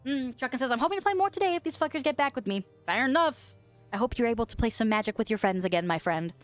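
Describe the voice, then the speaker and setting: A young woman streamer with a fairly high voice, chatting casually and giggling often. Her mouth is full of peanut butter as she reads chat messages aloud and sings little filler tunes. Faint music plays behind her. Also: expressive, quick pace.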